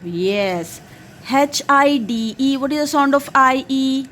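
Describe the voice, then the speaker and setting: Woman, mother teaching her child, patient letter-by-letter phonics drill, slow pace, faint background hum. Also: high voice, fairly bright tone. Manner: patient, spells out letters one by one and praises.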